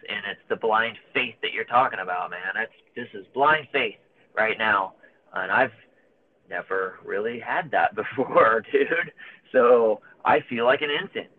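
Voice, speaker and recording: A man's voice: fairly low pitch, unhurried. A man in his thirties talking openly and emotionally as a guest, searching for words with many fillers and restarts. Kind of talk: candid conversation. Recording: phone-like narrow band.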